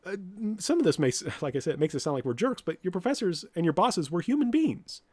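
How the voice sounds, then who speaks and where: A man's voice: high-pitched, quick pace, no room sound. Blunt, direct male professor. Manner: blunt, direct, with lively mock-quotes. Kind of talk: lecture to students.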